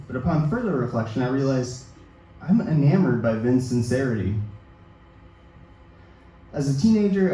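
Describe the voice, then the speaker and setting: A man in his thirties reads his personal essay to a live audience, measured and quietly self-deprecating. His voice is mellow and dark at a middling pitch. It comes from well off the mic and rings around a very echoey hall over a faint hiss. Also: recorded from a distance. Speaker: author reading his own work. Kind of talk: literary reading of a personal essay. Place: event hall at a book release reading.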